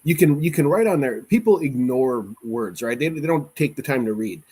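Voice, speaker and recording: A man's voice: medium pitch, expressive, normal speed, mellow, husky. A man hosting a casual podcast chat, opinionated and joking, often restarting his sentences.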